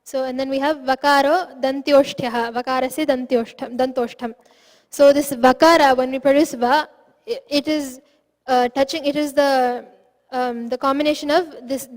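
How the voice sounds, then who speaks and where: A woman with a high, light voice gives a patient lesson. She explains each point step by step and sounds out syllables to show how they are made. Her voice rings with a long reverb, as if the room is large and hard-walled. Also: fairly even intonation, moderate pace. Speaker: Sanskrit pronunciation teacher. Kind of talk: online lesson.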